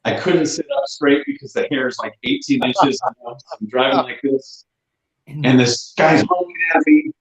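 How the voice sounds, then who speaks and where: A man co-hosting a casual livestream, telling rambling, animated stories. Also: medium pitch, unhurried, echoey room, lo-fi sound. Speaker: real estate agent and livestream co-host.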